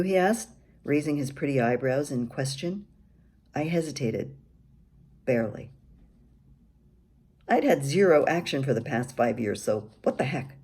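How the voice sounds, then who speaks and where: Low, mellow older woman reading a memoir. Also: lively intonation, a little slow, long pauses, breathy edge. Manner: wry, candid storytelling. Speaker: author reading her memoir.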